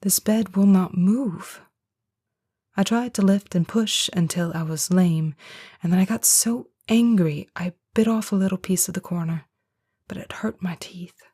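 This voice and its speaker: A woman giving a whispered first-person audiobook narration, hushed and slow. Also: on the low side.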